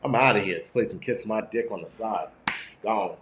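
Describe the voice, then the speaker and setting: A man's voice: on the low side, normal speed, a bit bright, echoey room, slight background noise. A middle-aged man hosting a prepping channel, talking in a profane, blunt, rambling livestream rant from home. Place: room at home.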